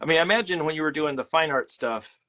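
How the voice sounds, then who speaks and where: This podcast host and illustrator speaks fast in a slightly high, pushed, bright voice. Interviewing a guest casually over video call, he rambles, fills pauses constantly, and pokes fun at them.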